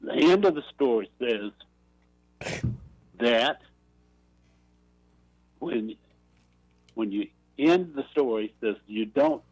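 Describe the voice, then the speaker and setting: A man calling a talk radio show and slowly telling a long joke, clearing his throat along the way. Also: mid-range voice, very animated, a little mellow, dry recording, rough recording. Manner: slow rambling storyteller, clears throat. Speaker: caller.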